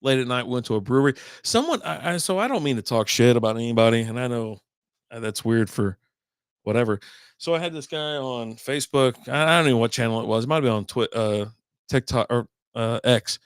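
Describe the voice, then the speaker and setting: A middle-aged man hosts a casual beer livestream from home. He rambles and swears freely at an ordinary pitch. His voice sits close and dry on the mic. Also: lively intonation, a little fast, smooth, no echo. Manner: rambling, profane, chatty. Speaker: beer podcast host.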